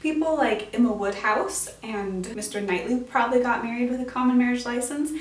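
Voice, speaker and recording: A woman's voice: fairly high pitch, brisk, recorded from a distance. A woman hosting an educational show about classic literature, talking in a bubbly, playful way with casual slang. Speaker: host of a literature explainer show. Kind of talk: upbeat educational vlog talk. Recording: roomy sound, voice off-mic.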